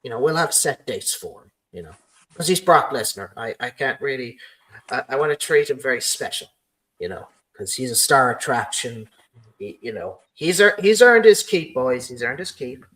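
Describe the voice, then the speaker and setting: A man hosting a podcast in loose, casual chat. He rambles and leans on "you know" often. His pitch sits in an ordinary middle range. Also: big pitch swings, normal speed, fairly bright tone, poor audio. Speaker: podcast host.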